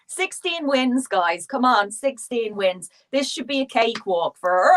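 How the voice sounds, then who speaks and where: A woman's voice: on the high side, expressive, measured pace, few pauses. Emotional, pleading woman panelist. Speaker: racing panelist. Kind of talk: passionate casual chat.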